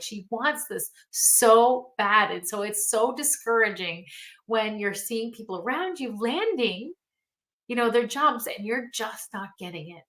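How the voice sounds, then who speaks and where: A woman's voice: mid-range voice, pushed and bright. A middle-aged woman coach giving an earnest motivational talk, telling a family story and speaking straight to her listeners. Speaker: mentorship coach.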